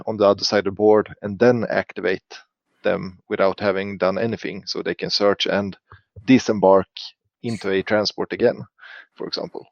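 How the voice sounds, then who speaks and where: A fairly low-voiced man talks through game rules on a casual podcast. He is hesitant and full of fillers. His sound is dry and a bit dull and lo-fi. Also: creaky, no room sound. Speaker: podcast co-host or guest.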